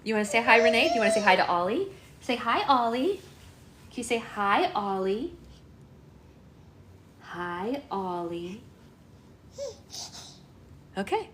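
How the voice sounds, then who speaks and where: A woman's voice: fairly high pitch, big pitch swings, measured pace, pauses often, a bit bright, slight background noise. A woman hosting a livestream, talking playful baby talk to an infant in a singsong, cooing way. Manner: singsong, exaggerated sweet cooing. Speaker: livestream book club host.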